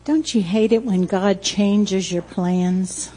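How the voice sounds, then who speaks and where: An older grandmother speaks to a congregation in an unhurried, mellow voice. She is emotional and close to tears, telling a personal story straight to her granddaughter beside her. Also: mid-range voice, steady tone, big-room sound, a little hiss or hum. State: tearful. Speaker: church speaker.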